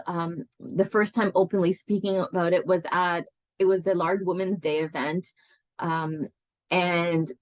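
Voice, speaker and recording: A woman's voice: on the low side, dry recording, low-quality recording. A woman in her forties telling her life story in an oral history interview, earnest and reflective, often restarting her sentences.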